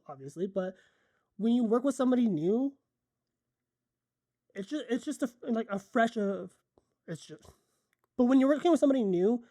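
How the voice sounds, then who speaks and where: Woman photographer vlogging over coffee, warm mellow voice, dry close sound, rambly and excited. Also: medium pitch, no room sound. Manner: rambling, enthusiastic, self-correcting; drinking coffee while talking. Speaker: photographer and content creator. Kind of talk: casual vlog chat.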